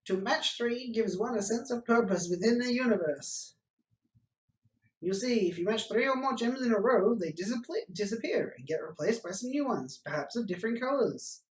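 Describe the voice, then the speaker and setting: A man's voice: expressive, normal speed, echoey room, far from the mic, low-quality recording. A man voicing a grand, pompous alien envoy who greets humans and sells them a game. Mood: grandiose. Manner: pompous, booming.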